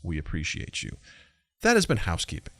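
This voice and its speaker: A man's voice: sits low, wildly swooping pitch, fairly quick, fairly bright tone, dry recording, studio quality. A man hosting a podcast in a casual, goofy, self-mocking way. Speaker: podcast host.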